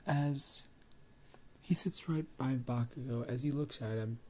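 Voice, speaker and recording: A man's voice: medium pitch, a little slow, mellow. Man rambling through a fan story. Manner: rambling, many fillers and restarts, swearing. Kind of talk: improvised fan story narration.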